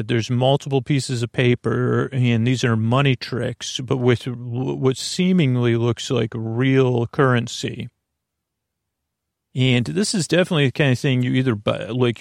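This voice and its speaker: A man's voice: mid-range voice, vocal fry, a little mellow, no echo, clean studio sound. A middle-aged man hosting a podcast, talking in a meandering, digressive way with many restarts and asides. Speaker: podcast host. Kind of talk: rambling, meandering podcast monologue.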